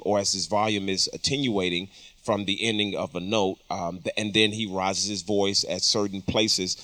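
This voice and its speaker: A man's voice: fairly low pitch, a bit bright, dry recording. A man teaching vocal compression in a recording studio, explaining casually with frequent ums. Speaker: audio engineering instructor. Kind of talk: studio tutorial talk.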